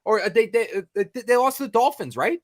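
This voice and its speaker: A man's voice: very high voice, big pitch swings, a little fast. An American man, a sports reporter co-hosting a podcast, ranting in exasperation, repeating himself and swearing freely.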